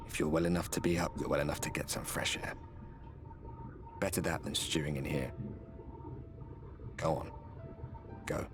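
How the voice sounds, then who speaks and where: An actor playing a calm, world-weary male fantasy game character in cutscene dialogue, measured and gently urging. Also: extremely low pitch. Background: game score music.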